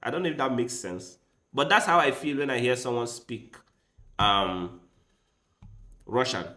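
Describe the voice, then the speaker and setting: Chatty man with a bright voice. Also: mid-range voice, expressive, unhurried. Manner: rambling, chatty, talks straight to his viewers. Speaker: chess streamer. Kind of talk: casual livestream chat. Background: faint background music.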